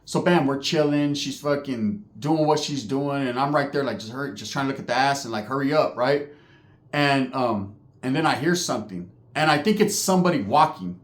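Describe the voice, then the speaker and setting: A man's voice: mid-range voice, moderate pace. A man from California telling a story in a casual, profane, slangy way. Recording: roomy echo.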